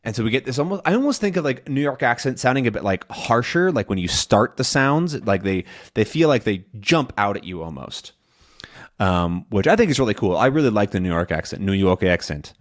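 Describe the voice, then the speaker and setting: A young man teaching an English lesson in a casual way, pausing to demonstrate and drawn out sounds, with frequent ums and self-corrections. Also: mid-range voice, sing-song.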